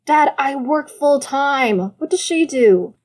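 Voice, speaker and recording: A woman voicing an irritable young adult brother who snaps back loudly in an audiobook. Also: high voice, lively intonation, takes it slowly, voice pushed up. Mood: defensive. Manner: loud, exasperated retorts. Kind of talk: audiobook character voice.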